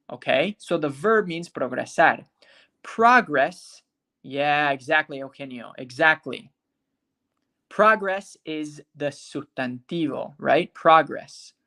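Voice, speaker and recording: In this live online English class, the teacher speaks at a medium pitch with a touch of brightness. They enunciate example words slowly and carefully, call on students by name, and often ask whether the class is following along.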